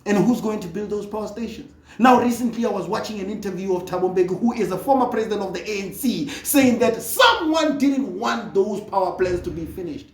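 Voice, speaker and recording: A speaker from Africa, delivering an impassioned political monologue that often rises to a shout. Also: medium pitch, expressive, brisk, roomy sound, recorded from a distance. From South Africa. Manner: fervent, often rising to a shout.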